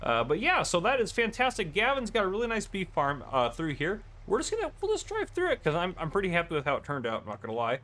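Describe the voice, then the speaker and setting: A man's voice: sits high, wildly swooping pitch, fast, hardly any pauses, bright, forceful tone. A man casually commenting on his farming game, easygoing and rambling with lots of fillers. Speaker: gameplay channel host.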